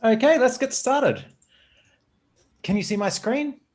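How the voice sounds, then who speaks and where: Aussie male speaker, middle-aged, on a video call, lively up-and-down delivery, informal. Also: extremely high pitch, takes it slowly. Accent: Australian. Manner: informal, slightly nervous first-time presenter. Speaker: conference speaker. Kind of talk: presentation.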